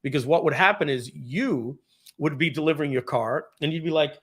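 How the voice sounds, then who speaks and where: A man, a former car dealership general manager, telling a casual story on a live video, clearing his throat often and drifting into rambling asides. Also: fairly high pitch, fairly quick, a bit bright.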